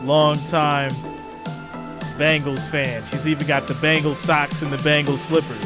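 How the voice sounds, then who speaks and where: A slightly high-voiced man hosts a live stream in a loose, chatty way, reacting to the game and calling out viewers one by one. Music plays clearly under his voice the whole time. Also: flat delivery, unhurried. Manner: chatty, greeting viewers by name. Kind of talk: casual reaction commentary. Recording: music playing behind the voice.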